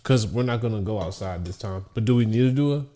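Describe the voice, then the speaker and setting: A man's voice: on the low side, lively intonation, quick pace, mellow. A man hosting a podcast in laid-back, slangy casual banter. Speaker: podcast host. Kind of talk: casual chat.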